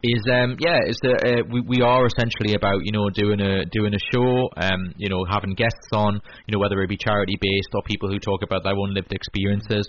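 A man's voice: fairly low pitch, level tone, a little fast, few pauses. A man co-hosting a radio show, chatting casually and rambling with lots of fillers and restarts. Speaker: podcast co-host. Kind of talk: casual chat. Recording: lo-fi radio broadcast with faint hiss.

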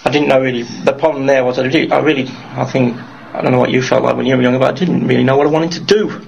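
A man's voice: medium pitch, fairly even intonation, very fast, gravelly, muffled recording, a little hiss or hum. A middle-aged man with a mixed Birmingham and Geordie accent, rambling through his life story in an interview and often ending with tag questions. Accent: mixed Birmingham, Geordie and Welsh. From Wales, raised in Birmingham.

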